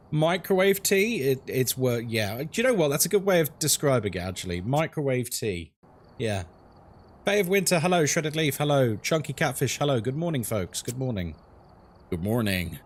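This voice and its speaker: A man chatting on a live game stream, his pitch jumping up and down as he greets people by name. He jokes freely and keeps the banter going. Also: big pitch swings, brisk. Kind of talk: casual live-stream chat.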